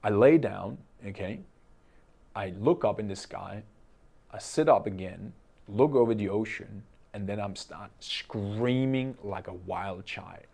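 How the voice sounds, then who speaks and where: Young guy, lowish voice, earnest, keeps asking "okay?" while telling his story. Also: unhurried, creaky, warm tone. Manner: earnest, with frequent "okay?" tag questions. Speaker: coach and entrepreneur. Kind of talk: personal storytelling to camera.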